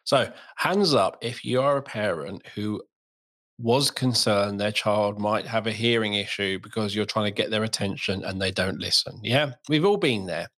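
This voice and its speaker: Speaking at normal speed with a voice on the low side, this middle-aged man hosts a podcast. His talk is casual chat, and he brings his stories to life by performing small scenes and different voices.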